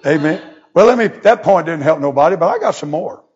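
A man's voice: fairly high pitch, animated, a little fast, a little mellow, muffled recording. A man, preaching a folksy sermon and reading scripture in old-fashioned English. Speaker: pastor.

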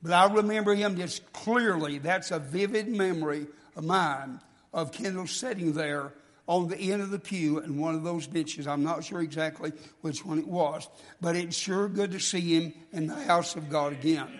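Man preaching, high voice, folksy and congested, long church reverb. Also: normal speed. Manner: folksy, stumbles and restarts, rising emphasis. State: congested, coughing. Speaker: guest preacher. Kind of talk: sermon. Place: church sanctuary.

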